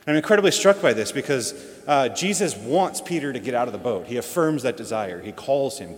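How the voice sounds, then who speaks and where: A man's voice: mid-range voice, animated, brisk. A man reading a gospel passage and then giving a homily in an earnest, reflective manner. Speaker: preacher. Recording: long hall reverb.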